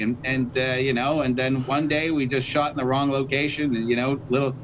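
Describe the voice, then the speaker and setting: Man, rapper guest, rambling casual talk, dull lo-fi video call audio, mid pitch. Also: fairly even intonation, moderate pace, background noise. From Canada. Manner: rambling storyteller, many fillers.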